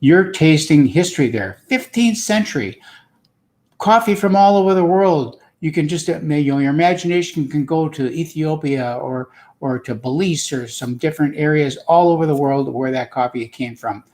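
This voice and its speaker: A man's voice: a little high, normal speed, darkish tone. An older man hosting his own show, chatting in an upbeat, casual coaching way. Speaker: host. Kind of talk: casual motivational talk.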